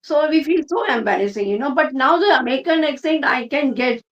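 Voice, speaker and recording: A woman's voice: sits high, brisk, roomy sound, far from the mic, muffled recording. A woman with an Indian English accent hosting a casual English conversation, chatty and full of "you know" tags. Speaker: host asking questions.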